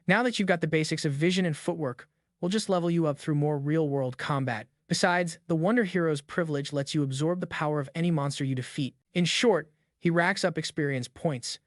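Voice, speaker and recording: A bossy sacred sword mentor voiced by a man, handing out blunt orders with no softness. The voice sits a touch high for a man and sounds close and dry, with no room around it. This is storybook-style recap narration. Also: fairly quick, no room sound, lightly acted. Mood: stern. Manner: blunt, matter-of-fact commands.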